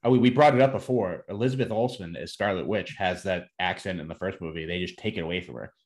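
Young man, podcast co-host, blunt, emphatic, low voice. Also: quick pace, darkish tone. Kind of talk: casual chat.

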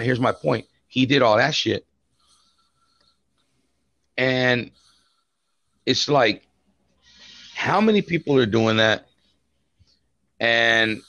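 A man's voice: mid-range voice, a bit bright, no echo. A man co-hosting a podcast, telling stories in casual chat and swearing often. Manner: storytelling, profane, says "bro" often. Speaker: podcast co-host.

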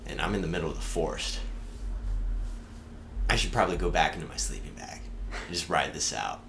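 Very low-voiced man telling stories. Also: a little fast, vocal fry, fairly bright tone, a little hiss or hum. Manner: rambling, swears freely, laughs through stories. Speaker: podcast guest. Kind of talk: casual storytelling.

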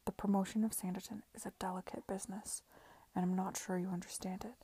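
A woman reading the part of a cool, weary gentleman in an audiobook, curt and icy. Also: medium pitch, level tone, normal speed, husky, no echo.

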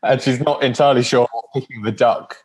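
Here the co-host speaks briskly at medium pitch, his intonation fairly even and his voice edged with breathiness. He chats casually about movies, joking and voicing quotes in character.

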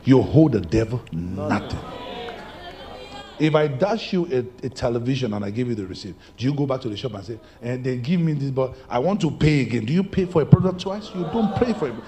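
A male pastor, preaching a sermon and moving between shouted lines and hushed ones. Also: medium pitch, lively intonation, fairly quick, background noise. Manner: preaching with big swings from shouts to near-whispers.

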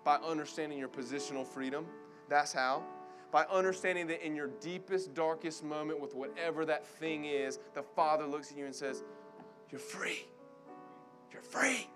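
A man's voice: on the high side, steady tone, normal speed, music in the background. A young man preaching a sermon to college students with an urgent, fervent delivery that repeats key lines. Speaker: guest preacher.

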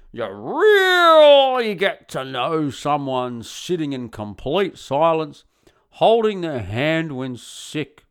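A man voicing a rambling, preachy online commenter in an exaggerated Australian accent, reading slowly with mock solemnity. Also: a little high, clear, resonant tone, voice pushed up, heavily acted. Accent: exaggerated put-on Australian. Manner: slow, sing-song, mock-solemn reading.

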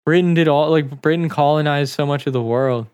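An American man trading crude jokes on a podcast. He swears constantly and talks loud and loose. His voice is smooth, and the sound is dry and close. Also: on the high side, brisk, dry recording. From United States. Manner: loud, joking, swears a lot. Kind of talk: crude casual banter.

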